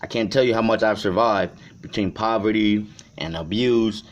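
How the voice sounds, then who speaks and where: Low-voiced man rambling profanely, lo-fi. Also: normal speed. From Chicago. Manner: profane, rambling, swings between shouting and quiet reflection. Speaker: vlogger. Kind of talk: unscripted vlog monologue. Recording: dull lo-fi recording.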